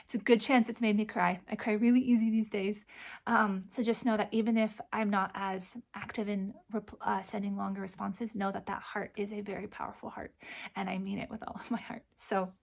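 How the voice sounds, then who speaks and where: A woman hosting her cross stitch channel, talking softly and from the heart, close to tears and often dropping to a near whisper. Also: medium pitch, flat delivery, fairly quick, creaky. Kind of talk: casual chat to camera.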